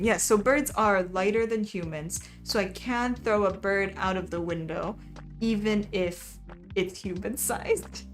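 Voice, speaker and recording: A woman's voice: mid-range voice, unhurried. A young woman streaming a game, reading a visual novel aloud with casual, wry asides and laughter. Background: faint background music.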